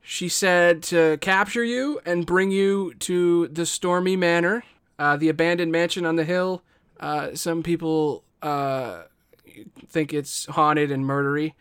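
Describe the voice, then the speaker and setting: A man's voice: on the high side, fairly even intonation, a little slow, a bit bright, clear, resonant tone, no room sound, studio quality. A man voicing a nervous, eager young male bandit underling who stammers through his words. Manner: stammering, full of fillers.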